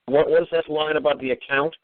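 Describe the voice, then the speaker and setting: A man's voice: fairly high pitch, fairly even intonation, fast talker, dry recording. A man hosting a call-in radio show, scolding and mocking his caller in a profane rant. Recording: tinny phone-line radio audio.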